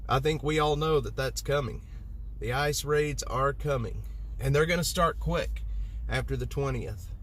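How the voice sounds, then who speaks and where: A man's voice: mid-range voice, unhurried, a little hiss or hum. A man hosting a livestream from inside a vehicle, talking heatedly in circles and repeating himself as he answers viewer comments. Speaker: livestream host.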